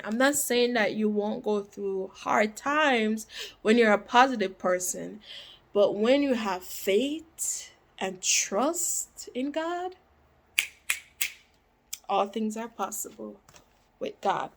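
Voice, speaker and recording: A woman vlogging about books she has read, chatting casually and repeating quotes with rising emphasis, dropping into soft asides. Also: on the high side, animated, slow pace, creaky. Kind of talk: casual book talk to camera.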